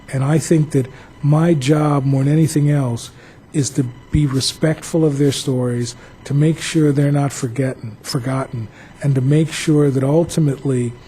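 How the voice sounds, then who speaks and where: Mellow-voiced man from New Jersey, slightly high register, a museum director telling anecdotes at a public talk. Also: slight background noise, low-quality recording. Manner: anecdotal storytelling, reflective.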